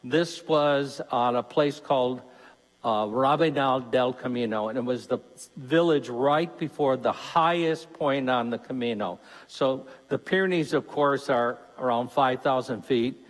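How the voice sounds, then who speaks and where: In a church with long reverb, a deacon gives a conversational Lenten mission talk and puts questions to his listeners. His voice is mid-range and his pace measured.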